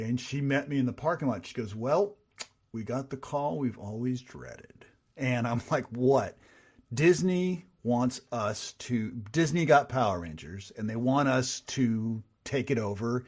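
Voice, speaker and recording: A middle-aged man, a writer and producer, telling stories as a podcast guest and acting out the dialogue he quotes. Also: medium pitch. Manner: animated storyteller who acts out quoted dialogue. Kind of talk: casual interview storytelling.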